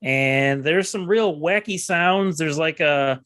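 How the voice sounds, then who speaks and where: A man with a voice a touch higher than most recaps a film for a podcast, slow and unhurried. He stops often with ums and uhs. The sound is close and dry, with no room around it. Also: fairly bright tone, dry recording. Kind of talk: casual movie recap chat.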